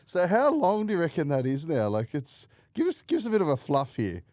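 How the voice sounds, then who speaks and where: A man's voice: on the high side, huge pitch swings, brisk, a little mellow, no room sound, clean studio sound. A man hosting a casual podcast interview, blunt, swearing freely and laughing a lot. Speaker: podcast host.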